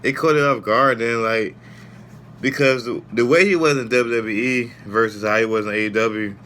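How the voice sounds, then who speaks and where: A man's voice: mid-range voice, fairly even intonation, moderate pace, pushed and bright, a little hiss or hum. A man giving a casual, heartfelt spoken review, rambling with many "you know"s and "man"s. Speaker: wrestling show reviewer.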